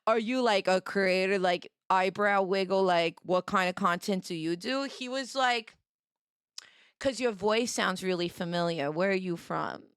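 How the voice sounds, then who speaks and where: A young woman streamer telling a story in a casual, animated way, laughing and acting out the people she quotes. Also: on the high side, clear, resonant tone, dry recording, clean studio sound.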